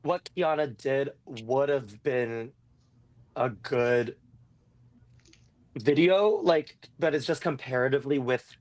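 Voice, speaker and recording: A man co-hosting a podcast, calmly explaining his view in casual chat. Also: mid-range voice, slow pace, long pauses, no echo. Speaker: podcast co-host.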